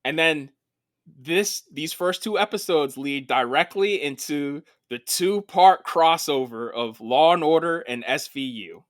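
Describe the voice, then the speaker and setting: A man co-hosting a casual podcast, recapping TV episodes in an animated, profane storytelling way. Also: a little high, measured pace, no echo, studio quality. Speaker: podcast co-host. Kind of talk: casual film and TV chat.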